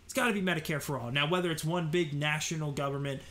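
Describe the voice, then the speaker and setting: A man's voice: fairly high pitch, steady tone, fast, fairly bright tone. A man hosting a live political commentary show, talking in an opinionated, rambling way with many fillers and restarts. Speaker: host.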